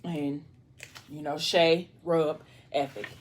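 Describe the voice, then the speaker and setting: A young adult woman vlogger casually retelling a story while eating, animated and chatty, with asides to her viewers. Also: sits low, slow.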